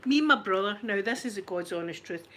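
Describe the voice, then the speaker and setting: This woman from Scotland, in her forties, is an ASMR channel host having a casual chat with viewers. Her mid-range voice is expressive, fast and fairly bright, and she laughs often and mocks herself while telling stories.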